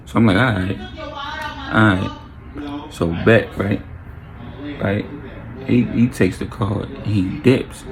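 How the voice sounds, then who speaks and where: A man's voice: lowish voice, takes it slowly, creaky, long pauses, crowd noise. A young man telling a story in a casual vlog, acting out what people said and making sound effects. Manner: animated, acts out quotes with sound effects.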